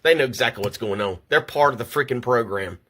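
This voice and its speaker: A man's voice: mid-range voice, fast talker, pushed and bright, slight background noise. Shaky, agitated older man ranting. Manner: agitated, repeats himself, stumbles over words. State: shaky and upset. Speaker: vlogger. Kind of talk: angry personal rant to camera. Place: at home at his computer.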